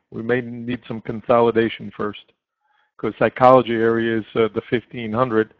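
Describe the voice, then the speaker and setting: A man moderating a trading chat room gives live market commentary, coaching steadily and using frequent fillers. His voice is medium-pitched with no echo, coming over a dry, phone-like line.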